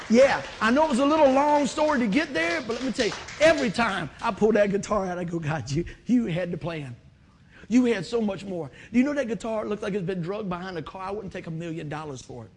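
A man's voice: high voice, slight background noise. A middle-aged man from West Virginia preaching a sermon through a long personal story, acting out the voices of the people in it. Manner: animated storytelling, acting out voices, bursts of loud whoops.

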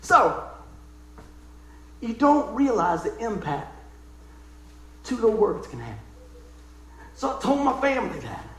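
Middle-aged male preacher, folksy and heartfelt, high-pitched voice, roomy church echo. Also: sing-song, slow pace, pauses often, a bit bright. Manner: folksy, emotional storytelling with asides. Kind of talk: sermon. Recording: echoey room.

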